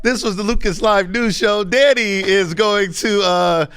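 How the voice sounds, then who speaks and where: Man, talk show host, teasing banter, fairly high voice, smooth and clear. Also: fairly even intonation, unhurried, fairly bright tone. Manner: playful teasing, laughs often. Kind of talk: casual live community show chat.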